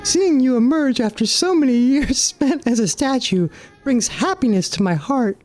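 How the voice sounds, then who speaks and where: A man voicing a graceful, gentle female tree spirit from a game, reading her lines aloud. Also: extremely high pitch, animated, moderate pace. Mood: solemn, pleading. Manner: reads lines aloud, breaks off laughing.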